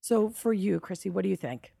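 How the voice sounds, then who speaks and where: Hoarse, gravelly woman podcast host. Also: mid-range voice, expressive, brisk, mellow. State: hoarse morning voice. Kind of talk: casual interview chat. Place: music studio.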